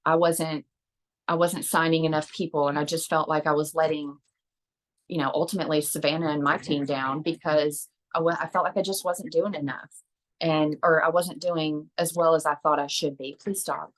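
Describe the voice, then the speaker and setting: A woman's voice: deep voice, steady tone, normal speed, low-quality recording. A woman giving an earnest, rambling motivational talk at a team meeting, with many fillers and restarts. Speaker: team member sharing at an online meeting.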